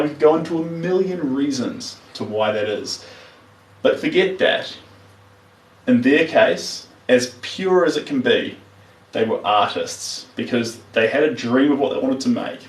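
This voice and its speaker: A man's voice: mid-range voice, lively intonation, moderate pace, recorded from a distance. A man with a New Zealand accent chatting casually to live viewers while he paints, trailing off as he works. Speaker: artist streaming live. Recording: roomy, mic set back from speaker.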